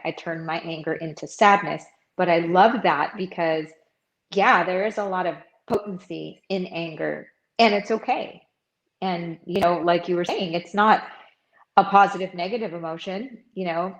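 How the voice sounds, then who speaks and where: A woman guest on a podcast, speaking openly and reflectively in casual conversation. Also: fairly low pitch. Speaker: podcast guest, Reiki master. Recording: muffled, roomy sound.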